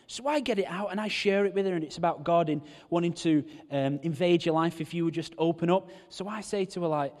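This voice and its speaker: A man's voice: on the high side, brisk. A man preaching a sermon, telling stories and joking with the congregation. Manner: animated, joking storyteller. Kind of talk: sermon with storytelling. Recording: long hall reverb.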